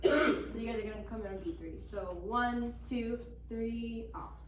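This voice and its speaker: A fairly high-voiced woman teaches a band class in an upbeat, encouraging way, chatty and casual. She sounds a little far from the mic in an echoey room. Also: a little slow. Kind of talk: classroom music lesson.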